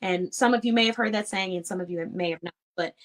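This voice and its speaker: Speaking quickly in a fairly low voice, this online show host gives small business owners an earnest, encouraging talk. Her style is casual and conversational, and laughter comes easily to her.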